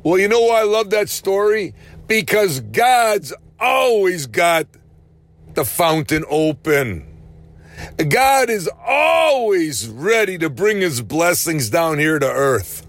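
A man preaching a sermon, animated, rising to shouts and slowing down hard on key phrases. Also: high-pitched.

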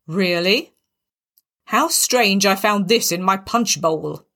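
A woman voicing an overbearing older mother-in-law who booms and turns sugary and menacing, in a storybook reading. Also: slow pace, bright, forceful tone. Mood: booming. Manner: booming, then sugary and menacing.

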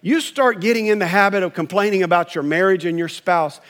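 A pastor with a high-pitched male voice, preaching in a loose, conversational sermon style. He acts out what people say and chuckles at his own stories. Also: fairly quick, a bit bright.

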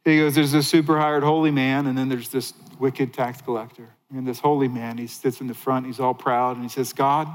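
A man preaching a sermon as a pastor, animated, rising to excited highs and dropping to hushed lows. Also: fairly quick, hardly any pauses, long reverb tail, poor audio.

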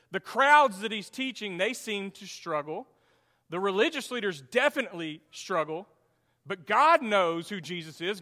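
Bright-voiced pastor preaching in a reverberant hall. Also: male voice, sits high. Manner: animated, leads congregation call-and-response. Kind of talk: sermon.

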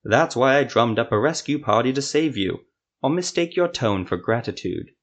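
A man voicing a calm, smug male sorcerer in a fantasy audio story, speaking in a needling way. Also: medium pitch, moderate pace.

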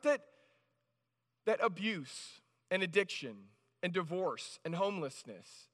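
A man's voice: high voice, pushed and bright. A male pastor preaching a sermon in a conversational way, often restarting phrases and checking in with the congregation. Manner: conversational, with frequent restarts and "right?" asides. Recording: reverberant hall.

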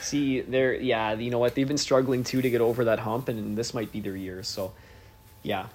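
A man co-hosting a podcast in casual chat, laid-back and quick to laugh. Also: medium pitch, fairly even intonation, a little mellow, slight background noise. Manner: laid-back, laughs easily, says "yeah" a lot. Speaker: podcast co-host.

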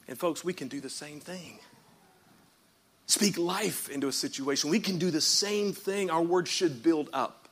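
A man pastor preaching a sermon in church, swinging from quiet reading up to shouted, rhythmic repeated phrases and calling out to the congregation. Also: on the high side, gravelly. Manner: calls out to the congregation.

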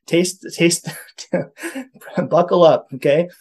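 A man's voice: on the high side, animated, very slow, a little mellow, breathy edge. A man from Canada talking earnestly in a casual conversation, thinking aloud and restarting his sentences. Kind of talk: casual podcast chat on faith.

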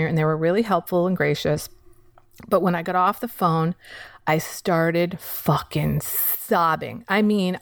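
A woman's voice: lowish voice, dry recording, clean studio sound. Candid woman telling a recovery story. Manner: candid, swears casually, shifts between fast recounting and slow emphasis. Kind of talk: personal storytelling monologue.

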